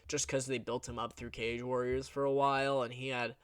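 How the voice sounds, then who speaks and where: A man's voice: mid-range voice, level tone, brisk, clear, resonant tone, dry recording. Young male recap host, casual and blunt, mid-range voice, dry close sound. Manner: rambling, blunt, with crude jokes. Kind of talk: casual commentary.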